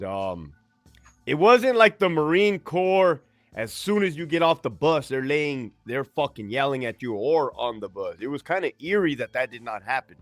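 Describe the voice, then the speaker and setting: A man's voice: mid-range voice, no room sound. A man in his forties from California, telling his story as a guest in a casual, slangy, profane way. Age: 40s. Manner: laid-back, slangy, profane. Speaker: guest, army veteran.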